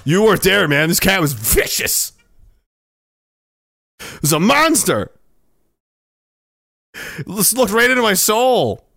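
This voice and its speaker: A man's voice: high-pitched, big pitch swings, slow, vocal fry, long pauses, sharp tone, dry recording, studio quality. A man hosting a casual commentary show, talking in a sarcastic, profane way into a headset mic.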